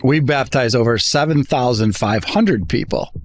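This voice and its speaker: Low-key male guest, short replies. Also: moderate pace, no room sound, clean studio sound. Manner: brief, plain replies. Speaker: ministry leader, guest. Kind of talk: casual conversation.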